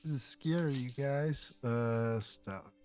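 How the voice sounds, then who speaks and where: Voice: medium pitch, slow pace, darkish tone, faint music behind. A player at a tabletop game who speaks casually and reacts to dice rolls with swearing and laughter.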